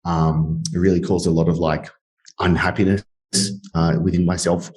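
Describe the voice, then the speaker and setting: A man's voice: low-pitched, flat delivery, moderate pace, a little mellow, rough recording. A man in his thirties with an Australian accent, a podcast guest telling his story in an earnest, reflective way with frequent fillers. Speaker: podcast guest, business owner. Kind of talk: conversational storytelling interview.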